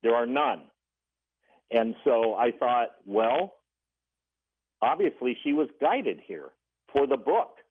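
A man's voice: mid-range voice, animated, slow pace, long pauses, husky. A man calling in to a radio show, earnestly telling a story and acting out what each person said. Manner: earnest, retelling dialogue in quotes. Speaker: caller. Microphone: telephone. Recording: tinny phone line.

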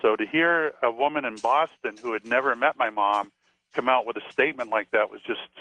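A man from Florida, a psychic and former police officer, telling stories in a chatty, animated way as a radio guest. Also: mid-range voice, brisk. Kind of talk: storytelling on a call-in radio show. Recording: tinny phone line.

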